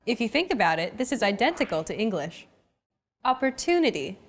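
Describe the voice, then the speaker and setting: A woman's voice: medium pitch, very animated, fast. A woman hosting a language lesson, giving scripted, encouraging explanations in an upbeat way.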